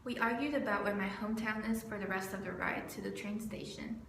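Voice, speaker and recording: A young woman from California, a student narrating her video essay from a script, earnest and steady. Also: medium pitch, brisk, gravelly. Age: young adult. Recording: roomy with faint background noise.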